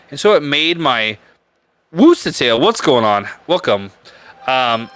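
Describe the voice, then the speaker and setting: Dude hosting a beer stream, mid-pitched voice, rambles, swears, keeps cracking himself up. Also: male voice, bright, forceful tone, clear, resonant tone. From Nebraska. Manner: rambling, crude and joking, laughs often. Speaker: podcast host. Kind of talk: casual live-stream beer chat.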